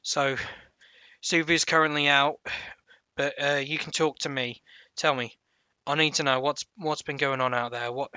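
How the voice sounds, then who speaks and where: A man doing a gruff Cockney half-orc. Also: a little high, flat delivery, moderate pace, sharp tone, no room sound. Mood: questioning. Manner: blunt, brusque, swears freely. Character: gruff old male half-orc right-hand man.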